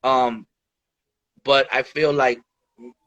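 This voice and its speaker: Slow and medium-pitched, his fairly bright voice barely moves in pitch, captured in a dry, dull recording. He's a podcast guest recounting his life in a frank, easygoing conversation, cursing freely, using plenty of slang and dropping "bro" and "dog" throughout.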